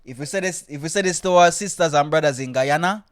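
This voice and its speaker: A man's voice: on the high side, fast talker. A Jamaican man co-hosting a podcast, chatting casually and teasingly, slipping into patois. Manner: animated, teasing, switches into patois. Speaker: podcast co-host. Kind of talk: casual chat.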